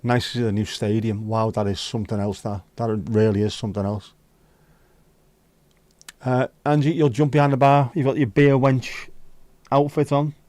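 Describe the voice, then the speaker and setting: A man with a Scouse accent chats easily through a live stream, calling out viewers by name and joking about things going wrong. His voice sits at an ordinary middle pitch. The sound is close and dry, with no room around it. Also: fairly even intonation, moderate pace, pauses often, a little mellow, no room sound. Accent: Liverpool (Scouse). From Liverpool, England. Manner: chatty, greets viewers by name, banters and grumbles at his setup. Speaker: livestream host. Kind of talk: casual live-stream chat.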